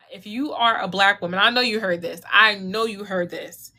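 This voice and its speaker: A woman's voice: mid-range voice, bright, forceful tone. A woman coach talking directly to viewers on a live stream, conversational and coaching, calling them y'all. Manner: conversational, drops into quoted mom voices. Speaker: etiquette and self-esteem coach.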